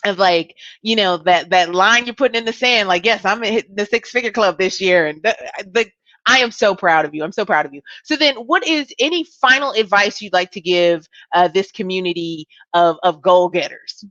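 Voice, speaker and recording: A woman's voice: mid-range voice, expressive, fairly bright tone, dry recording. Encouraging woman host, dull lo-fi sound. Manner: encouraging, laughing, halting. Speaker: business coach host. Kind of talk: casual interview chat. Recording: dull lo-fi audio.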